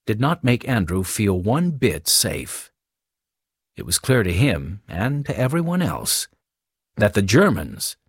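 A man narrating an audiobook in a clear, expressive storytelling manner. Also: mid-range voice, dry recording, clean studio sound.

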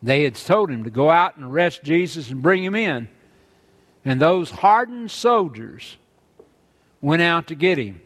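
A man's voice: fairly high pitch, sing-song, measured pace, a bit bright. A man preaching a sermon, earnestly reading scripture aloud and driving his points home with emphasis.

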